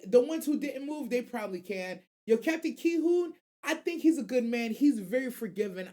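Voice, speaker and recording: A woman hosting a casual anime radio show, animated and slangy, rambling and swearing freely. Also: on the high side. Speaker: host.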